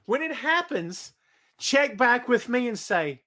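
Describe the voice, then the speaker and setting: Slow-paced and with a very high voice, a male podcast host does solo wrestling talk on a live stream. He rants with animation, hypes his predictions, and reads comments from the chat.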